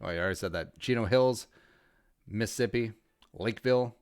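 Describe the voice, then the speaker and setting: A laid-back man hosts a casual livestream, reading shout-outs with wry little jokes. His voice sits fairly low and sounds smooth and clear. The recording is dry and close, with no room around it. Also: brisk, dry recording. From Minnesota. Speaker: podcast host.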